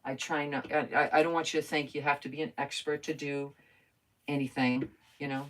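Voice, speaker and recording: A woman's voice: low-pitched, flat delivery, a little fast. An older woman chatting casually while crafting on a live stream, talking to herself and answering viewer comments.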